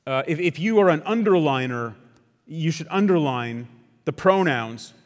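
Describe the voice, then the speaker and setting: A man's voice: a little high, expressive, measured pace. Man, sermon, emphatic, conversational asides, echoing church hall. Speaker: preacher. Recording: long reverb of a large hall.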